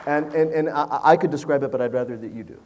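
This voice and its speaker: Dry teasing guy interviewing someone on stage, middle pitch. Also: fast talker, a crowd in the background, background noise. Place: stage before a live audience.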